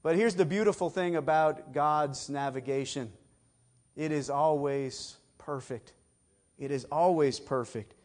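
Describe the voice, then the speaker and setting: A middle-aged man from south of Boston with a Boston accent, preaching a sermon emphatically with folksy asides. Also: a little high. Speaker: pastor.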